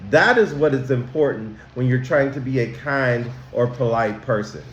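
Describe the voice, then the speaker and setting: A man, a school counselor, teaching children about manners in a slow, emphatic way, asking them questions directly. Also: mid-range voice, animated, reverberant, highs cut off, slight background noise.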